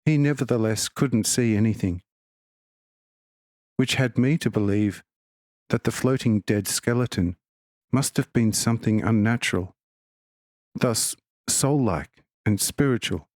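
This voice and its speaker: A man narrating a religious book as an audiobook reader, in a measured, even delivery. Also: on the low side, dry recording, studio quality.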